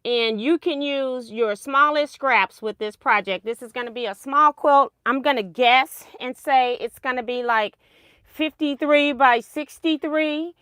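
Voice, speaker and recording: Woman, quilting livestream host, chatty and rambling, bright voice, fairly high, dry close sound. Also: measured pace, clear, resonant tone, no room sound. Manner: chatty, rambling, laughs at her own mistakes. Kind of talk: casual livestream tutorial.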